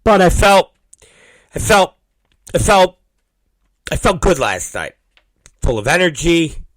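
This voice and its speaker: A man in his forties hosting a talk show, telling a crude story with repeated words and sudden shouted exclamations. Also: a little high, big pitch swings, slow, dry recording. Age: 40s. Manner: vulgar, repetitive, bursts into shouted exclamations. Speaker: podcast host. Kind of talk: crude comedic monologue.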